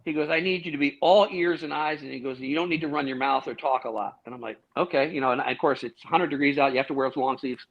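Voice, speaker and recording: A middle-aged man telling stories in a relaxed interview. He acts out other people's lines and often restarts his sentences. The recording is dull and lo-fi. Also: fairly high pitch, quick pace, hardly any pauses. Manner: animated storyteller, acts out quoted dialogue, frequent restarts. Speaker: guest, former police officer. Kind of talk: casual storytelling interview. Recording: dull, lo-fi sound.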